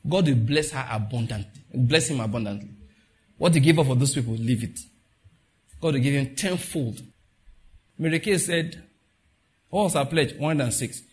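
A man's voice: mid-range voice, moderate pace, a little mellow. A male pastor giving a sermon in a loose, conversational way, laughing as he retells stories and acting out the voices he quotes.

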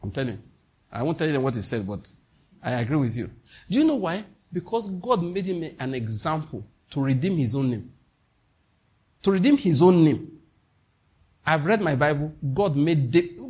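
Fervent Nigerian preacher, a man with a raspy, raised-pitch voice, at the pulpit. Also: sing-song, moderate pace, long pauses, a little mellow. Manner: impassioned, mixing in pidgin asides. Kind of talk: sermon.

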